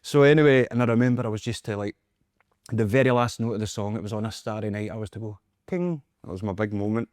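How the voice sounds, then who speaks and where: A man with a Scottish accent, a guest performer telling animated, self-mocking stories with laughter in a casual chat. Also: fairly low pitch, fast, dry recording, studio quality. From Scotland.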